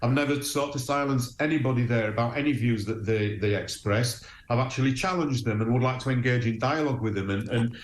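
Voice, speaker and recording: Man, talk guest, earnest and halting, echoey room with light noise. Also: mid-range voice. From Huddersfield, England. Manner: earnest, measured, many fillers and restarts. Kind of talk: remote interview.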